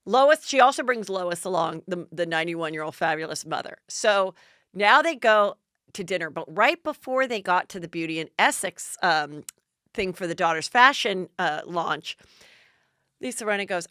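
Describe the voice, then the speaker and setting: A woman's voice: lowish voice, expressive, normal speed, pushed and bright, no echo, clean studio sound. A woman hosting a podcast, recapping TV gossip in a chatty, sarcastic way and swearing freely. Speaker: podcast host.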